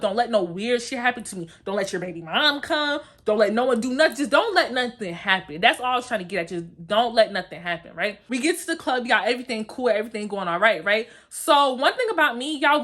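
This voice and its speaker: A young woman telling a story to camera in a casual, slangy way, often calling out to her viewers and acting out what others said. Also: on the high side. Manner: animated, slangy, keeps addressing "y'all". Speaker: storytime vlogger.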